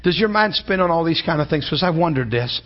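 A man preaching a sermon as pastor, animated and emphatic, building to loud peaks. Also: fairly high pitch, fast talker, muffled recording.

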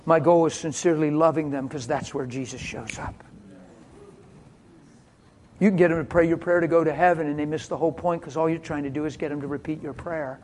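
A preacher delivers a folksy sermon story at a middle pitch, calling listeners "honey." The voice sinks into near-whispers, then bursts into loud, laughing exclamations. There is a faint hiss of noise underneath. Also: fairly even intonation, a little fast. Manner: homespun and familiar, calls listeners honey.

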